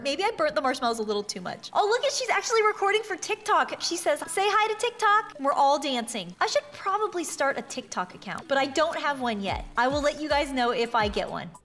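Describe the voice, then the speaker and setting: A woman giving excited gameplay commentary as a YouTuber, bubbly and gushing, with frequent gasps of delight. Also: sits high. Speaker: YouTuber showing items in an online game.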